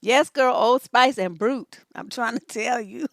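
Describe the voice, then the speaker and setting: Give me an animated, cheeky older woman commenting on a live stream with a fairly high voice. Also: a little slow, no room sound, clean studio sound. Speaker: relationship coach.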